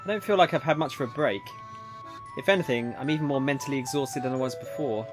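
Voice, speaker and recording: A man's voice: medium pitch, fast talker, over music, lightly acted. A man voicing a weary young woman in a mascot costume, dry and sarcastic.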